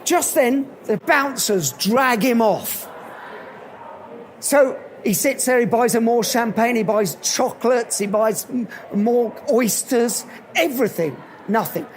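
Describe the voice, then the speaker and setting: A man giving a live motivational talk at an event, telling animated anecdotes. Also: very high voice, slow pace, slight background noise. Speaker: motivational speaker.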